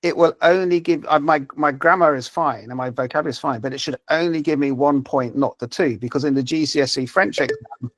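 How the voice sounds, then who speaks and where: A man's voice: a little high, a little fast, no echo. Hesitant man giving a webinar demo. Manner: hesitant, many fillers and repeated words. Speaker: presenter demonstrating a language-learning app.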